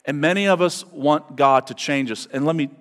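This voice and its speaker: A man's voice: a little high, normal speed, fairly bright tone. A male pastor delivering a sermon in a conversational, digressive way with dramatic emphasis. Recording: long reverb of a large hall.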